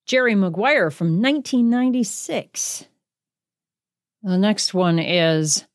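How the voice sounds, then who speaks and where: Lady podcaster chatting thru quiz games, pitch bouncing all over, dry close mic. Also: animated, dry recording. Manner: chatty and self-deprecating, slows down to read quiz words. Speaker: podcast host.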